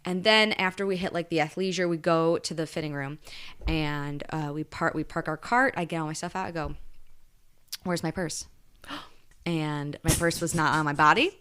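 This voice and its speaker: A woman's voice: low voice, steady tone, a little fast, a bit bright, smooth. A young woman co-hosting a podcast, retelling a mishap in a casual chat and acting out what everyone said. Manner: breathless retelling, acts out quoted lines. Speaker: podcast co-host.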